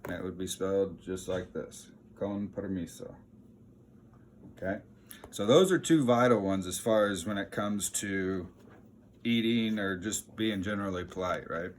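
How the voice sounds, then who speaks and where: A man giving a casual, chatty lesson as a teacher, self-deprecating and relaxed, with a lively lift when he quotes the phrases he teaches. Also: low-pitched, unhurried, a little hiss or hum.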